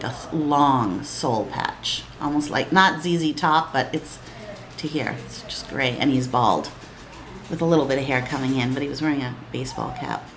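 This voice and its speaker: A woman's voice: deep voice, slight background noise. Chatty woman rambling while doing makeup. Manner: chatty, rambling, giggly and flustered. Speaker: vlogger.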